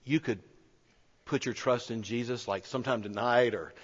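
Speaking at normal speed with a medium-pitched voice, a man preaches earnestly, telling his sermon as a personal story in a conversational manner. The sound is lo-fi and dull, echoing through a hall.

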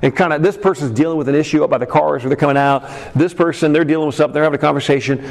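A man preaching a sermon as a pastor, telling a personal story with many fillers and some shouted peaks. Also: a little high, very fast, vocal fry. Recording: long hall reverb.

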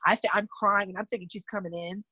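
A woman's voice: medium pitch, fast talker, husky, no echo, lo-fi sound. A woman from California, in her thirties, telling personal stories candidly and animatedly in casual chat. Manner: candid, animated retelling with vivid asides.

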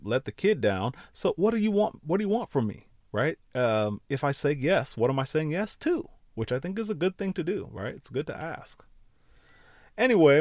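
A man's voice: medium pitch, no room sound, studio quality. A man hosting a podcast, telling a personal story in a reflective, conversational way, with frequent fillers and laughing at himself. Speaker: podcast host.

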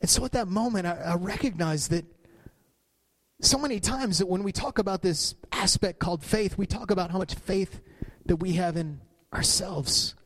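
A middle-aged pastor preaches a sermon at normal speed in a slightly bright voice. He repeats phrases for emphasis, and his pitch rises at his peaks.

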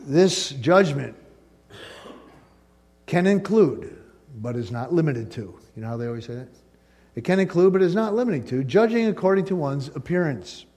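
Animated preaching man, fairly high voice. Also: moderate pace, long pauses. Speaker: pastor. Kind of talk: sermon.

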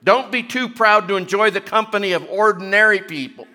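A middle-aged man preaching a sermon, chatty with joking asides, growing louder and higher when he reads and presses scripture. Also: a little fast. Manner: chatty, self-deprecating asides between scripture readings; rising in pitch and force when reading and pressing scripture. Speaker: pastor.

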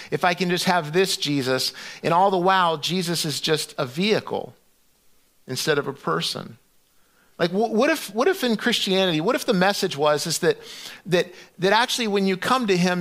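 A middle-aged man preaching a sermon in a conversational, animated storytelling way, often restarting his sentences. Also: sits high. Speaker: pastor.

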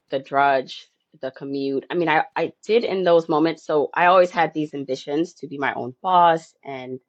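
A woman's voice: sits low, no room sound. Dry, lo-fi recorded woman telling her story. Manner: reflective, warm storytelling with light laughs. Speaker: podcast guest. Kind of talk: conversational interview answer. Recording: dry, dull lo-fi remote audio.

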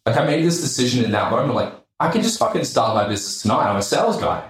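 A man with an Australian accent, a podcast guest telling a story casually, animated and swearing freely. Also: mid-range voice, quick pace, roomy sound.

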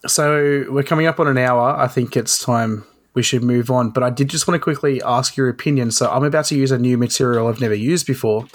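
A man's voice: medium pitch, a little fast, hardly any pauses. A man hosting a casual maker podcast, talking in a loose, rambling way with fillers. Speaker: podcast host.

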